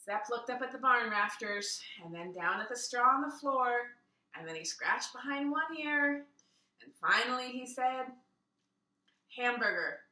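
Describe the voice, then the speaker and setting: Expressive woman reading aloud with asides; lively pitch, distant roomy mic. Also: moderate pace. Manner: expressive, adds asides and laughs. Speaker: reader. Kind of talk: reading a children's book aloud.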